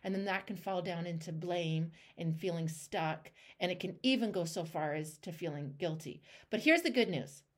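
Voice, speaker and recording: Animated woman coaching a caller. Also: fairly low pitch, moderate pace, few pauses. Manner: emphatic and animated, acting out inner voices; frank, swears casually. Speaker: life coach and show host. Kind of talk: one-on-one coaching call.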